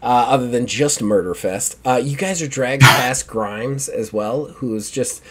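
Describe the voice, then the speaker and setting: A man runs a tabletop game as game master. He narrates casually, with fillers and chuckles. His voice sits at an ordinary middle pitch. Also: a little slow, fairly bright tone, slightly rough.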